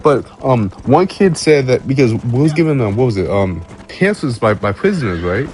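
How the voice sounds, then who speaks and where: A man's voice: medium pitch, big pitch swings, moderate pace, a little mellow, slight background noise. A man ranting casually to camera, stammering and swearing, often breaking into laughs. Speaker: vlogger. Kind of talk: casual rant.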